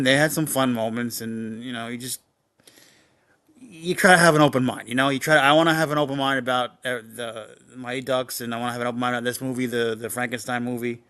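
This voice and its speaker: A man's voice: mid-range voice, a bit bright. Rambling, cussing young man podcaster. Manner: rambling, swears freely, lots of fillers. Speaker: podcast co-host. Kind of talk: casual banter.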